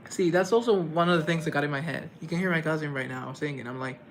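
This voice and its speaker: A man's voice: a little high, quick pace, hardly any pauses, slight background noise. A man from Colombia chatting casually on a live stream, answering viewers' comments in a chatty, theatrical way.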